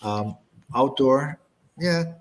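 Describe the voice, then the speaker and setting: Man, relaxed co-host, halting casual talk, frequent restarts. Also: mid-range voice. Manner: easygoing, halting, repeats words. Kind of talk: casual chat.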